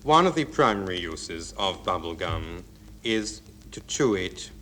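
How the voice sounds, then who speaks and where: A man speaking slowly and deadpan as a panellist on an old radio panel game. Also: low-pitched. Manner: slow, dry, deadpan. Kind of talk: improvised panel game monologue. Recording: old hissy radio recording.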